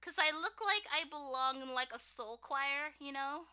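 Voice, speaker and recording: A young woman with a squeaky, high voice chats on a casual livestream, rambling and filling her talk with "like" and laughter. Her tone is sharply bright. The recording sounds dull and lo-fi. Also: measured pace. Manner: rambling, full of "like", laughs often. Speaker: artist streaming her drawing work.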